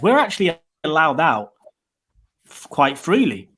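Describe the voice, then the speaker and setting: A man's voice: fairly high pitch, lively intonation, moderate pace, fairly bright tone. A man from near Coventry with a mild English Midlands accent, chatting casually as a podcast guest over a call, rambling with lots of restarts. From England, near Coventry. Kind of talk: casual chat.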